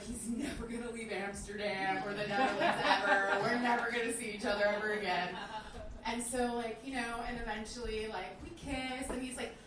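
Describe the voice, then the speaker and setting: A woman in her twenties doing stand-up storytelling, chatty and self-deprecating, full of fillers. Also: a little high. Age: 20s. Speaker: stand-up comedian. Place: comedy club stage. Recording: echoey club from a distance with noise.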